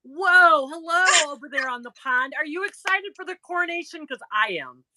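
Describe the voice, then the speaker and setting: A middle-aged woman with a northern Indiana accent hosts a crochet livestream from home. She talks in a bright, lively voice that swings up and down. She pokes fun at herself as she greets viewers, close and dry on the mic. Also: high-pitched, normal speed, no echo. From northern Indiana, near Chicago. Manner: chatty, self-deprecating, greets viewers. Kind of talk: casual livestream chat. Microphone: laptop or phone mic.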